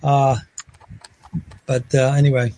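A man with a New England accent co-hosting a podcast, speaking in a slow, halting, hesitant way. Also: mid-range voice, little pitch movement, warm tone. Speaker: co-host. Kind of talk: casual podcast chat.

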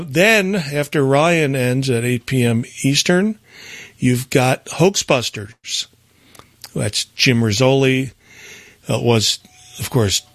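A man's voice: medium pitch, no echo. A man co-hosting a call-in radio show, running through the station lineup in a loose, rambling way with many fillers. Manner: rambling, with frequent fillers and restarts. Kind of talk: casual radio announcement.

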